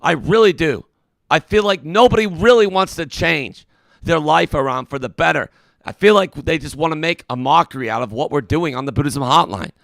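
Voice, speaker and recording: A man's voice: fairly high pitch, normal speed, vocal fry, a bit bright, no room sound, clean studio sound. A man hosting a comedic mock call-in hotline, indignant, preachy and exasperated with his callers. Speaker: call-in show host.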